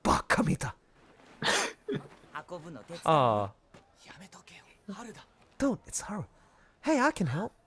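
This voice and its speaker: A young man hosting a live stream in a casual, playful, animated way, quick to laugh. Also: a little high.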